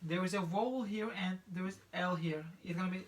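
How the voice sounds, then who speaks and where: A man's voice: high voice, moderate pace, pushed and bright. A man teaching English pronunciation, repeating each example word several times and often restarting his sentences. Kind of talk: pronunciation lesson.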